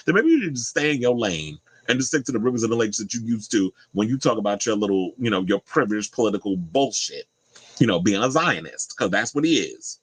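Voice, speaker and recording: A man's voice: mid-range voice, expressive, quick pace, slightly rough, no room sound, rough recording. A man giving casual pop culture commentary in a blunt, profane, opinionated way.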